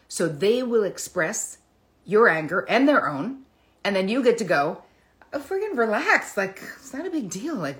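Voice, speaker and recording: A middle-aged woman therapist talking solo on a live stream, candid and chatty, casually swearing and poking fun at herself. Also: low-pitched.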